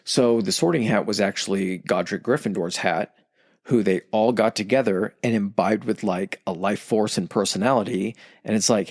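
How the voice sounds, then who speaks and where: A man's voice: on the low side, normal speed, darkish tone, no room sound, studio quality. Casual, profane podcast man. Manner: rambling, profane, acts out quoted characters. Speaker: podcast co-host explaining history.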